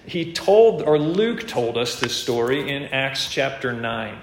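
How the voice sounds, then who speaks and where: Man, preacher, earnest verse-by-verse sermon, emphatic, mid-pitched voice, echoey room. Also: sing-song, takes it slowly, slight background noise. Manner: earnest, emphatic, rises in pitch on key points. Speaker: preacher and teacher. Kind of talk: expository sermon. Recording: roomy echo.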